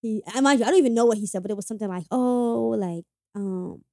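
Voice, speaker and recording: A young woman telling a personal story as a podcast guest, animated, swearing freely and acting out the quotes. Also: mid-range voice, rapid-fire, dry recording, studio quality. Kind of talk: casual storytelling.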